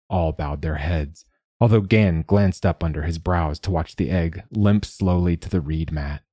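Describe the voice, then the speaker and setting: A male narrator with a very low, dark voice reads a fiction story. He is measured and even, and the sound is dry and close. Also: husky, no echo.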